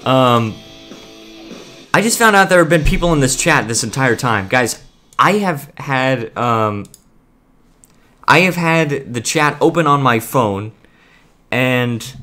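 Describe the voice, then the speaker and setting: A man's voice: medium pitch, animated, slow pace, pauses often, pushed and bright, soft background music. A man streaming a building game, chatting casually to viewers and rambling with frequent restarts. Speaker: gaming streamer. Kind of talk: casual live-stream chat.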